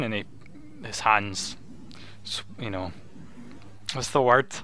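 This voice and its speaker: A man's voice: lowish voice, takes it slowly, pauses often, bright, forceful tone. A man narrating a tabletop game as game master, casual and stumbling, often repeating words.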